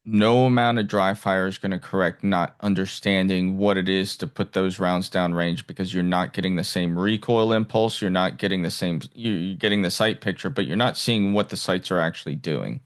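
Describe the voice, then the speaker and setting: A man hosting a podcast in casual conversation, talking haltingly with frequent restarts and fillers. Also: low voice, fairly even intonation. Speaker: podcast host. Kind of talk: casual interview chat.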